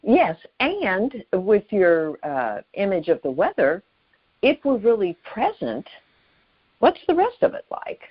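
A woman's voice: takes it slowly, slightly rough. Musing woman on call-in radio. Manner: musing, laughs often, lively pitch. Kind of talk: reflective call-in radio talk. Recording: dull lo-fi radio sound.

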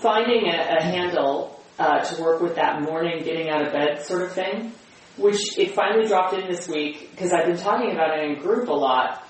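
A speaker sharing personal reflections in a spiritual group discussion, searching for words and often restarting. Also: mid-range voice. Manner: searching, halting, with many restarts. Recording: echoey room, distant mic, faint hum.

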